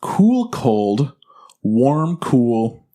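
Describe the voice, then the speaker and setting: Animated young man telling a work story. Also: mid-range voice, extremely slow. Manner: animated, swearing, acts out quoted voices. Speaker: podcast co-host. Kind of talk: casual chat, storytelling.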